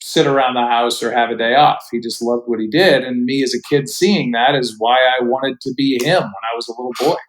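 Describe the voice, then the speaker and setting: A middle-aged man chats as a podcast guest over a remote call. He sounds reflective and unhurried, often restarting sentences as he searches for his words. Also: medium pitch, poor audio. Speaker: guest broadcaster. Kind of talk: relaxed podcast storytelling.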